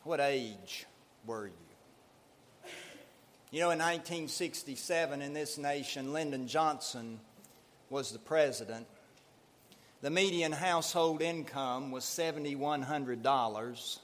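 A man preaching a Sunday sermon in a slow, deliberate, measured way. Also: medium pitch, a bit bright. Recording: long hall reverb.

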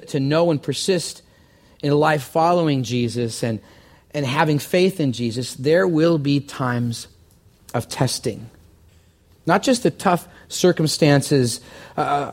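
A man preaching a sermon as pastor, earnest, often repeating words and climbing higher when stirred.

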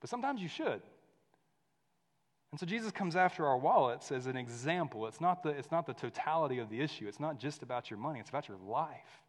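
A man in his thirties preaching a sermon, telling a story in a lively way that drops to a hush and rises to loud. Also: a little high, brisk. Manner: storytelling, animated swings from hushed to loud. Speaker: pastor. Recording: long hall reverb.

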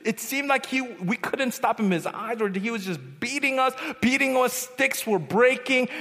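A man giving a personal testimony as a retreat speaker, storytelling and swinging from hushed to loud. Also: extremely high pitch. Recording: long hall reverb.

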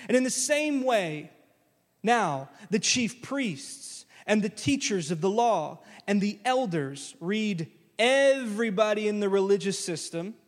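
High-voiced preacher in a reverberant hall. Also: male voice, takes it slowly. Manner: lively, conversational, drops into colloquial phrases. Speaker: pastor. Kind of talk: sermon. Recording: long church-hall reverb.

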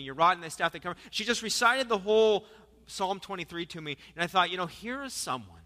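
A man's voice: a little high, pushed and bright. A man preaching a sermon as pastor, talking conversationally and asking his listeners rhetorical questions. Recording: live sermon with long hall reverb.

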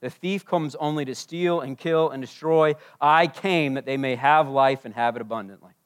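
A man preaching a sermon at a church service, impassioned, swinging between loud declarations and hushed asides. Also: a little high, moderate pace, smooth. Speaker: pastor.

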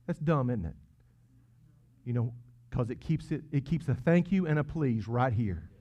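A man preaching a sermon, earnest and emphatic, swinging between loud peaks and hushed asides. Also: medium pitch, expressive, normal speed. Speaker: pastor. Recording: dull lo-fi sound.

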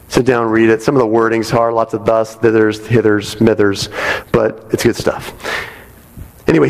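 A man preaching a sermon to a congregation in a conversational way, often checking in with "right?". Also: mid-range voice. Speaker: pastor. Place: church sanctuary. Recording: long reverb of a large hall.

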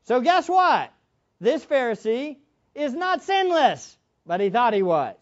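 A woman preacher giving an impassioned sermon, moving between loud exclamations and hushed asides. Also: high-pitched, big pitch swings, a little slow. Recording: dull lo-fi sermon recording.

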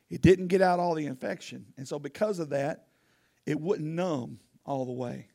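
High-voiced preacher telling a folksy story. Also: male voice. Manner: folksy storytelling, swings from loud to hushed. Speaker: pastor. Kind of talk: sermon.

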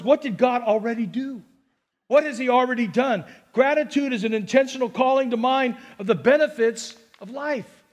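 A male pastor with a strikingly high voice delivers a sermon. He is animated, slipping into little acted-out voices and scenes as he preaches to the congregation.

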